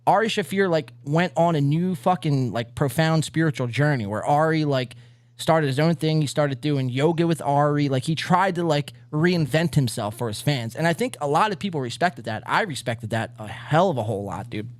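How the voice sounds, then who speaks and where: A man's voice: fairly high pitch, expressive, normal speed, dry recording, studio quality. A man hosting a podcast, chatting casually and mocking the clips he watches, brash and full of swearing. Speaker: podcast host. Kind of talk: casual chat reacting to clips.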